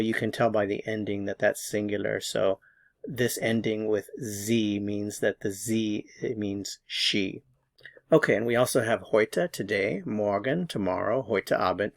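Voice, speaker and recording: A man teaching a recorded language lesson, explaining rules slowly and patiently and repeating example sentences. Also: lowish voice, vocal fry, no room sound.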